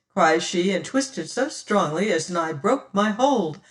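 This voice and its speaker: An audiobook narrator telling a classic adventure novel in the first person, slow and measured. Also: medium pitch, far from the mic.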